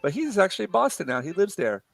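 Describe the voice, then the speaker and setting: A man's voice: high voice, big pitch swings, quick pace, vocal fry, no echo. A man chatting casually on a stream, rambling with lots of fillers. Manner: rambling, full of fillers and restarts. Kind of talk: casual chat.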